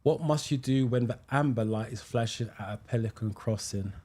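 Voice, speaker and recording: This British man runs a live stream about the driving theory test, where he talks through answers and responds to viewer comments in a relaxed way. He's full of ums, thinks aloud, and thanks viewers, speaking at normal speed in a medium-pitched, dark voice.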